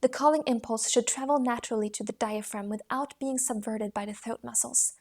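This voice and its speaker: A woman reads aloud from a voice training book, sitting a little high in her range. Her reading stays steady and instructional. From time to time she demonstrates the exercises herself with rising, sung tones. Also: fairly quick. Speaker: voice book reader.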